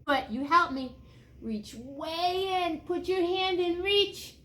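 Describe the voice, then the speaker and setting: A woman's voice: very high voice, lively intonation, slow, pushed and bright. A woman reading a picture book aloud to young children, playful and asking them questions. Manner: playful, talks to young viewers, asks questions. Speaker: children's storyteller.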